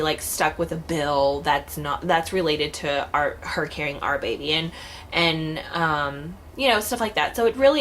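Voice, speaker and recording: A woman's voice: sits low, a bit bright, slight background noise. A woman in her thirties talking casually to her vlog viewers in a chatty, rambling, heartfelt way. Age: 30s. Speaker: vlogger. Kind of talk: casual vlog talk to camera.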